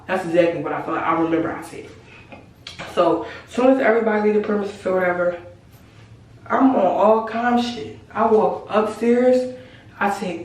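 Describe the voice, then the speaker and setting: A woman's voice: medium pitch, moderate pace, recorded from a distance. A young woman casually telling a slangy storytime vlog, acting out her own heated lines. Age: young adult. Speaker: vlogger. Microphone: camera mic. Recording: echoey room, voice from the mic.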